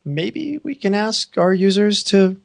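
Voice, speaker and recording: A man hosting a podcast, hoarse from having partly lost his voice, joking and upbeat in casual banter. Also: high voice, expressive, takes it slowly. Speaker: podcast host.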